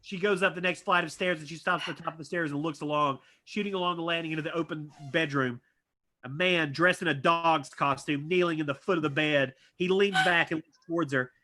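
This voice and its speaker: A man reading stage directions aloud at a live script reading, animated and tossing in asides. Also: fairly high pitch. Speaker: script reader.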